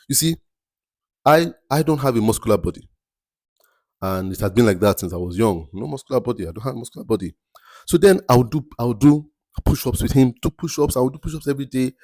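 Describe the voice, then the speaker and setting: A man with a Nigerian accent hosting a faith-based motivational podcast, speaking slowly and deliberately and repeating words for emphasis. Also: medium pitch, darkish tone, dry recording, clean studio sound. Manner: slow, deliberate, picks words carefully with emphatic repetition. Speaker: podcast host.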